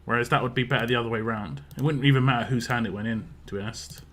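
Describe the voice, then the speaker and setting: A British man streaming a game and chatting with viewers. His voice is bright and forward, and he rambles easily, full of "like" and "you know". He often restarts mid-sentence. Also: medium pitch, rapid-fire, soft background music. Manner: rambling, answers chat questions, frequent fillers and restarts. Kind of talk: casual live-stream commentary.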